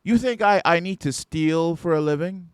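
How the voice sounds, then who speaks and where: A man voicing an indignant woman caught shoplifting, raising his voice high in offense. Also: moderate pace, clean tone, no echo, clean studio sound, natural voice.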